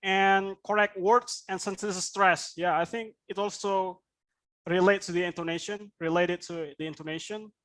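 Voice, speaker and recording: High-voiced man teaching a class. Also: steady tone, moderate pace, a bit bright. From Indonesia. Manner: explanatory, with frequent "right?" tag questions. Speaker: IELTS speaking instructor.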